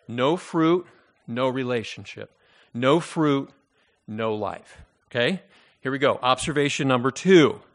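A man preaching a sermon as pastor, reading scripture aloud and slowing down to stress key phrases. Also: medium pitch, expressive.

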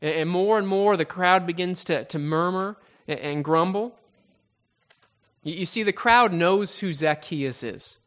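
Male preacher, a touch high-voiced, telling a Bible story with drama and many stammered restarts. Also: measured pace, fairly bright tone. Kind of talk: sermon storytelling.

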